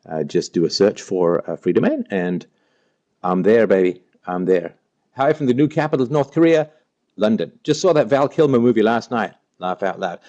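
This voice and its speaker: A man's voice: on the low side, lively intonation, normal speed, darkish tone, muffled recording. A man hosting a casual live stream, playfully greeting viewers by name and joking as he reads the chat. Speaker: livestream host.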